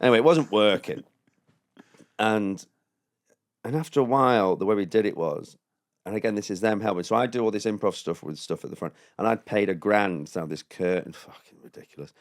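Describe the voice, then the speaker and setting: A man's voice: fairly low pitch, brisk, no echo, clean studio sound. A male comedian telling a long story on a podcast, laughing and acting out other people's lines in raised voices. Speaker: comedian guest. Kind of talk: casual podcast chat, storytelling.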